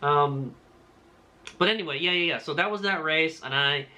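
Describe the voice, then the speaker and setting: A man's voice: on the high side, moderate pace, pushed and bright. A man giving a casual, rambling recap of his race to viewers, full of fillers and tag questions. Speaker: motorcycle racer vlogger.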